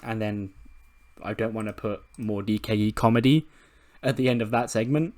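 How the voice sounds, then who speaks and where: A man's voice: fairly low pitch, steady tone, normal speed, darkish tone. A man casually narrating and commenting on his game run, swearing freely and laughing along. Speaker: gaming video host.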